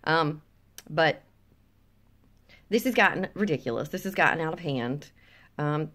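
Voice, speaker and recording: Outspoken Southern woman vlogger with a slightly low voice, filming on a close phone. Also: expressive, moderate pace, pauses often, fairly bright tone. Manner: blunt, profane, dips into whispers for emphasis. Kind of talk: blunt opinion rant to camera. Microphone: phone held close.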